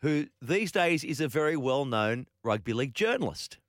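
A man's voice: mid-range voice, very animated, moderate pace, no echo, studio quality. An Australian man hosting a sports radio show, chatting casually and joking, with frequent restarts. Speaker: radio host.

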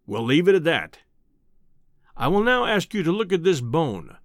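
Male reader doing a condescending older professor, loud and lecturing, lively swoops, bone-dry audiobook sound. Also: moderate pace, dry recording. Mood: indulgent. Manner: booming, condescending, triumphant. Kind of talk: audiobook character voice.

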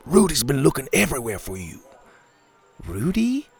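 Brief: nervous hushed man, voiced by a man, quick and anxious. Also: medium pitch, huge pitch swings, creaky, breathy edge, dry recording, faint music behind, voice pushed up, exaggerated voice. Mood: urgent. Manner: hushed, hurried.

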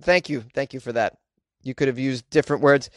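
Man, sarcastic news commentary, animated, mid-pitched, dry close sound. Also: a little fast, dry recording. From United States. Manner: sarcastic, animated, laughs at stories.

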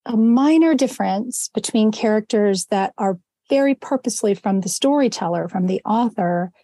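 A woman's voice: medium pitch, expressive, normal speed, dark tone, dry recording. A woman hosting an interview, asking long, curious, winding questions. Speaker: podcast host.

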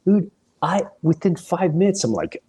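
A man hosting a podcast, telling animated, rambling off-the-cuff stories that wander off on side paths. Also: high voice, normal speed, slightly rough. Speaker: podcast host, comedian. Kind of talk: off-the-cuff storytelling.

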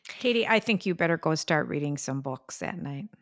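An older woman co-hosting a podcast, chatting casually and telling stories with drawn-out fillers and sighs. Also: sits low, expressive. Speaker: podcast co-host. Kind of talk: casual chat.

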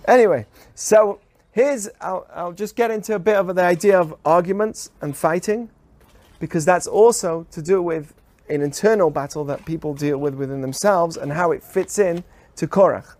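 A rabbi with a notably high voice teaches the weekly Torah portion on a podcast. He speaks in an animated way and keeps throwing rhetorical questions at his listeners. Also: moderate pace.

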